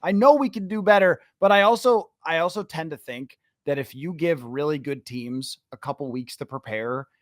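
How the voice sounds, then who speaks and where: A man's voice: fairly high pitch, normal speed, hardly any pauses, dry recording, clean studio sound. A man hosting a sports podcast, chatting casually, opinionated and ranting at times, with frequent filler sounds. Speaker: podcast host.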